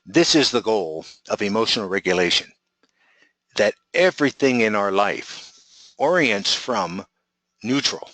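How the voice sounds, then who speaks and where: A man leads a coaching webinar in a bright, forceful voice and keeps throwing rhetorical questions at his listeners. His sound is dry and close, with almost no room around it. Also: lowish voice, a little slow, no echo, low-quality recording. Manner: energetic, rhetorical questions to the audience.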